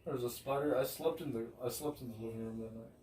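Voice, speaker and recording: Chill young dude, slangy casual chat, roomy sound, a bit off mic. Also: male voice, medium pitch, steady tone, quick pace, mellow. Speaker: podcast co-host. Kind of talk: casual chat among friends. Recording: roomy, distant mic with faint hiss.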